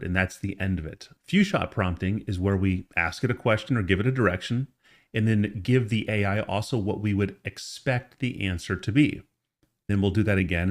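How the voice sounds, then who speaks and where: Low-voiced man teaching a casual lesson. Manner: casual, conversational explaining with frequent check-ins. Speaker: course instructor. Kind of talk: screen-recorded tutorial lesson.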